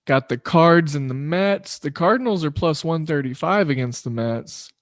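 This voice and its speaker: Casual sports betting podcast host, dry sound. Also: male voice, fairly high pitch, lively intonation, normal speed, no room sound. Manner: loose, rambling, self-deprecating. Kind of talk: casual solo podcast talk.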